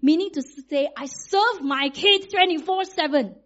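A middle-aged woman, preaching in a lively, conversational way and acting out quotes. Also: sits high, unhurried, lo-fi sound. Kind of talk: sermon.

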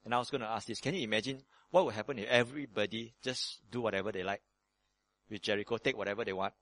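A man preaching a sermon as pastor, acting out prayers in quick shifts of voice. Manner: lively preaching, acts out prayers in sudden higher voices.

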